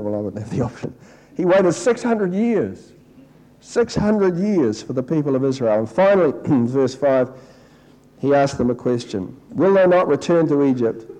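A middle-aged man preaching a sermon in a conversational way, acting out people's complaints in a higher, whiny voice. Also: dark tone, low-quality recording. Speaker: pastor.

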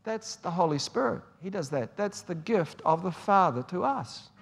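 A man preaching a sermon, telling warm stories and moving between hushed and emphatic delivery. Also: high voice, lively intonation, normal speed, gravelly, slightly rough. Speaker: pastor. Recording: long hall reverb.

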